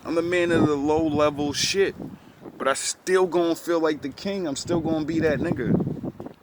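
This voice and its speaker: A man speaking in a fairly high voice, rambling through a story in casual chat. He uses a lot of street slang and swearing, and faint noise sits behind him. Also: steady tone, normal speed.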